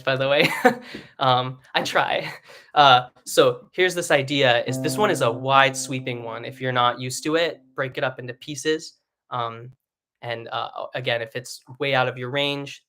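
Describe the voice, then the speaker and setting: In a live online voice class, a male teacher keeps things loose and conversational, with "right?" coming up again and again. Short vowel sounds he sings shoot upward into a high head voice.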